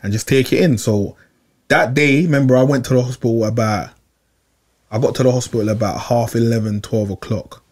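A man's voice: medium pitch, fairly quick, a little mellow. Young guy telling a story, lots of slang, keeps repeating himself. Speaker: podcast regular. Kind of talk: casual storytelling chat.

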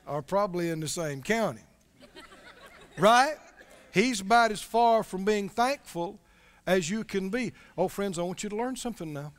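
A man's voice: high-pitched, long reverb tail. A man preaching a sermon as pastor, conversational, asking his congregation questions as he reads.

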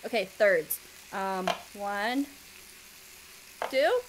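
A woman's voice: high-pitched, lively intonation, normal speed, background noise. A woman giving casual gameplay commentary, flustered and self-mocking, laughing often. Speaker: let's play gamer.

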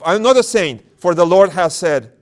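A man voicing a humble elderly monk who calmly answers a demon. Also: sits high, moderate pace, voice pushed up.

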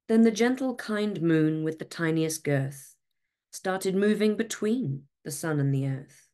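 A woman narrating a rhyming picture book aloud in a measured, expressive storyteller's delivery. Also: low-pitched.

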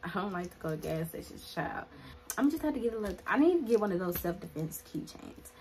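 A woman telling a personal story to her viewers in a casual vlog, animated and chatty, filling her talk with "like". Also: on the low side, fast, poor audio. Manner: animated, chatty, heavy use of "like", talks straight to viewers. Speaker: vlogger.

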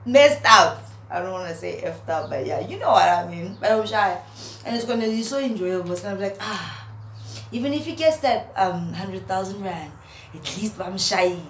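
A young woman, a vlogger, roasting someone in a mocking, animated rant to camera and laughing at her own jokes. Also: medium pitch, normal speed. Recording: roomy echo, faint background hum.

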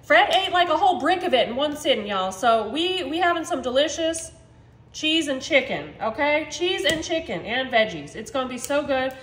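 Cooking in her echoey home kitchen, a woman chats cheerfully to her viewers while facing the camera. Her high voice is expressive and fairly bright, moving at normal speed.

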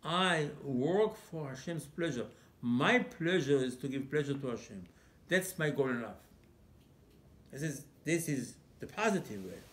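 A man's voice: mid-range voice, animated, a little slow. A male rabbi giving an emphatic sermon, full of rhetorical questions and broken English.

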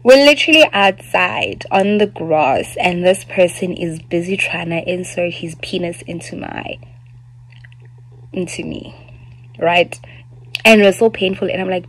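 A woman's voice: lowish voice, unhurried, poor audio. A South African woman in her twenties, speaking candidly as a vlogger telling a personal story, with lots of fillers and asides.

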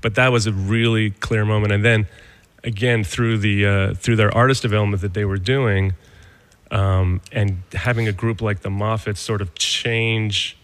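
A man, a songwriter and producer, guesting on a podcast and telling stories in a casual, animated way, acting out what people said. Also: fairly low pitch, normal speed. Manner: animated, acts out quoted dialogue. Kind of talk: casual storytelling interview. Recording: long reverberant room sound.

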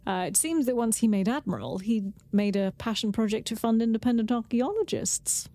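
A woman co-hosting a podcast, recapping trivia in a measured, informative way. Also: fairly high pitch, expressive, mellow. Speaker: podcast co-host. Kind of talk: casual chat, recapping trivia.

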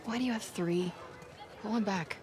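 A woman's voice: medium pitch, normal speed, background noise, close to an everyday voice. An actress voicing a tough, guarded young woman soldier in video game dialogue, talking in dry, curt replies.

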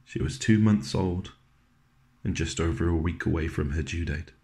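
Deep-voiced man telling a monologue. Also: moderate pace, warm tone. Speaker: actor performing a monologue. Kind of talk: scripted dramatic monologue.

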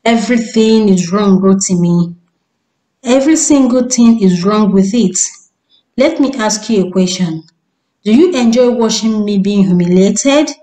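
A woman's voice: mid-range voice, measured pace, mellow, natural voice, rough recording. A woman voicing a weary, grieving young wife who speaks in a pleading, tearful way. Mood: distressed.

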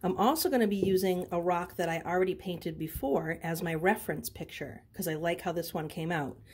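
A woman's voice: fairly low pitch, a little fast, slight background noise. A woman teaching a craft lesson, casually narrating each step as she works. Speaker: art teacher. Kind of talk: craft demonstration.

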